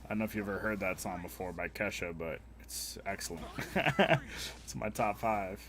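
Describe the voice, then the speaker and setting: A young male streamer talks to his viewers while he plays. His voice sits a little low, and he rambles in a crude, joking way. A light noise runs under the recording. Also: normal speed. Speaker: live streamer. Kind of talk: casual gaming stream chat.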